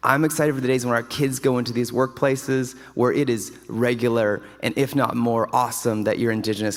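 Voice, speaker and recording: A man's voice: mid-range voice, a bit bright. Man giving an upbeat acceptance speech. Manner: casual, storytelling, enthusiastic. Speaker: award recipient. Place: large hotel ballroom. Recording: long hall reverb.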